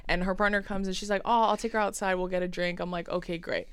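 A young woman chatting on a podcast, her slightly low voice smooth and clear, recorded close and dry. She tells a story animatedly, acting out what people said and laughing along the way. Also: quick pace, dry recording. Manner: animated, acts out quotes, laughs often. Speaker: podcast co-host. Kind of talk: casual storytelling chat.

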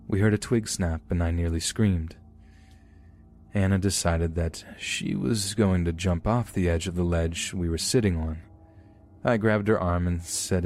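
A man with a very low, deep voice reads true horror stories in a steady, measured way. Faint music plays softly underneath his narration. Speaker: podcast host reading listener stories. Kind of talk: scripted horror story narration.

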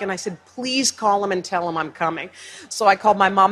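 A woman with a husky voice tells a story from a stage to a live audience. She is lively and self-mocking and acts out what other people said to her. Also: mid-range voice, a little fast. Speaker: speaker. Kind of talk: storytelling keynote speech.

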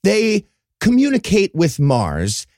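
Wildly animated man on a comedy podcast. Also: sits high, takes it slowly, no echo, clean studio sound. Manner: animated, laughs while talking. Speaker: podcast co-host. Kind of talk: casual comedy podcast chat.

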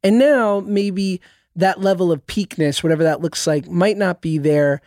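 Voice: mid-range voice, moderate pace, darkish tone, no room sound, clean studio sound. A podcast host asking questions and riffing playfully in casual chat. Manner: playful, jokey rants.

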